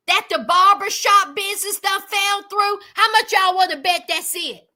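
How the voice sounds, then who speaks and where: A woman giving sassy, animated commentary on a reality show and talking straight to her viewers. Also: very high voice, measured pace. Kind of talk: casual reaction commentary.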